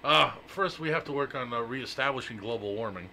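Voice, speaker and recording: A man hosting a live internet radio talk show, teasing his co-host in loud, joking, profane banter. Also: mid-range voice, fairly quick, gravelly.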